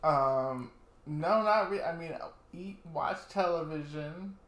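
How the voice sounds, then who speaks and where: A man's voice: on the high side, slow pace, fairly bright tone. Sassy New man, echoey room. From New York. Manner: sassy, playful, swears freely. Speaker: podcast co-host. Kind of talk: casual chat.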